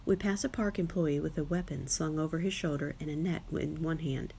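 A woman narrating a children's audiobook in a lively, wry first-person style, giving each character a voice. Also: sits low, a little fast, vocal fry, a little hiss or hum. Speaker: audiobook reader.

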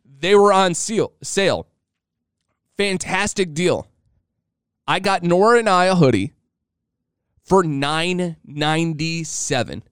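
Smooth-voiced chatty man in his thirties. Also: fairly high pitch, no room sound, studio quality. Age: 30s. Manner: animated, chatty, jokey. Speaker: podcast host. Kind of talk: casual solo storytelling.

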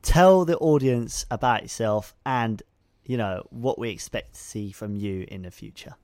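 A man's voice: medium pitch, measured pace, a little mellow, dry recording, studio quality. A man interviewing a guest in a casual, loose way, filling his questions with lots of "like". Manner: loose, fills talk with "like".

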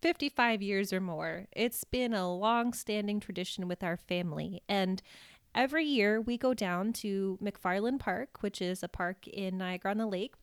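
A woman's voice: mid-range voice, normal speed, clear, resonant tone, dry recording, studio quality. A young woman co-hosting a podcast, telling family stories in casual chat and laughing often. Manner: chatty, laughs often, animated retelling. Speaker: podcast co-host.

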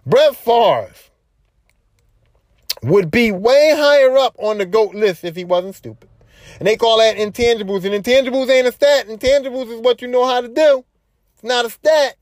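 A man hosting a podcast, giving an animated, repetitive and profane casual sports opinion monologue. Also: very high voice, normal speed, no room sound. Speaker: podcast host.

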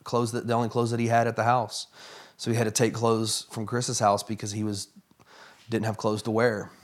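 Guy telling his own story, kinda low voice, lots of ums and pauses, earnest. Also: level tone. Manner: earnest, halting, many fillers. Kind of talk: personal storytelling in conversation.

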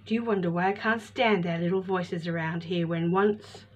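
Woman voicing a gruff old woodcarver. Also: on the low side, normal speed, natural voice. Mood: roaring bitter. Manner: gruff, growls when angry. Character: harsh lonely old male woodcarver. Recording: slightly muffled with faint hiss.

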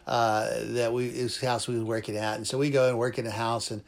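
A man's voice: medium pitch, flat delivery, fairly quick. Fervent male preacher. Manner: repeats phrases for emphasis. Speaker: pastor. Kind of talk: sermon.

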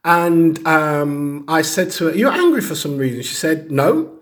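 A man's voice: fairly high pitch, expressive, unhurried, a bit bright. A man giving an earnest teaching talk on grief, telling stories and acting out the people he quotes. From Caribbean heritage. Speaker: speaker on grief and bereavement.

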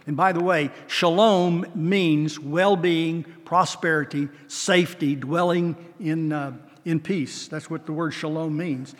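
A male preacher with a high voice reads scripture in slow, weighty phrases, pausing for emphasis. His voice rings with a long reverb, as if it fills a large hall. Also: steady tone. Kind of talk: sermon.

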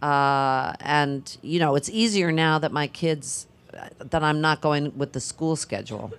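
An older actress speaking casually on a film panel, musing and halting, with frequent restarts and fillers. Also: female voice, low voice, clear, resonant tone.

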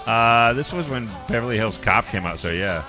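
A man's voice: medium pitch, lively intonation, moderate pace, over music. A man hosting a podcast in casual chat, rambling and laughing between stories. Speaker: podcast host.

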